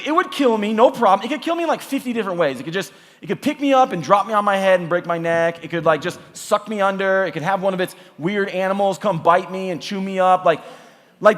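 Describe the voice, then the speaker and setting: A man in his thirties, a youth pastor, preaching to a youth camp in a casual, animated way, full of "like"s. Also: high-pitched, long reverb tail. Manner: casual, animated storytelling with many "like"s. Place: large church hall or auditorium.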